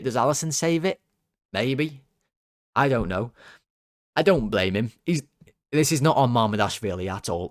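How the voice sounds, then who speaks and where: A man ranting heatedly as he rates his team's players after a loss, swearing and exasperated. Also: mid-range voice. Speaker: football fan channel host. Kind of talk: angry ranting player ratings.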